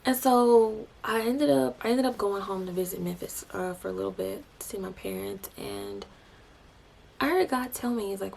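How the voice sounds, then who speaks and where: A young woman telling a personal faith testimony, emotional and animated, dropping into breathy hushed asides. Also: mid-range voice, normal speed, a little hiss or hum. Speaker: vlogger sharing a faith testimony.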